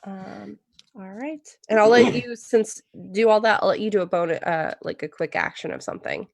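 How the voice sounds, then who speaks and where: A woman game master narrates a tabletop fantasy session, talking loosely with lots of fillers. Her voice is mid-pitched and sits close and dry on the mic, with no room sound at all. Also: normal speed, gravelly, no echo. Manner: casual, relaxed narration with frequent fillers.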